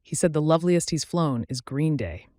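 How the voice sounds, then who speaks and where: A man's voice: on the high side, expressive, normal speed, mellow, no room sound. Man narrating stories in a dry, close voice. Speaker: story narrator. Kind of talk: scripted narration.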